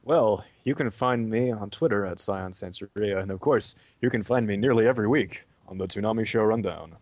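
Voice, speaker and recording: A man's voice: lowish voice, fairly quick, darkish tone, no echo. A man guest on a podcast, chatting in an easygoing, friendly way. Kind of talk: casual chat. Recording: dull dry lo-fi sound.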